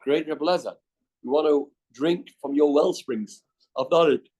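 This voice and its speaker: A man's voice: a little high, moderate pace, mellow, husky, dull audio. A man giving a daily Talmud class in a study hall, reading the text aloud and explaining it in English, acting out the dialogue as he goes. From Canada. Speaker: Talmud teacher.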